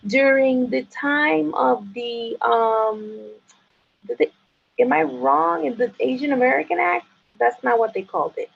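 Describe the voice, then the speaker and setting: A woman with a fairly high voice that drops into a gravelly fry, husky at the edges. She talks in halting bursts, restarting her sentences and teasing her partner. The sound is dull and lo-fi, with the top end missing. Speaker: interview guest. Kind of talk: casual video chat.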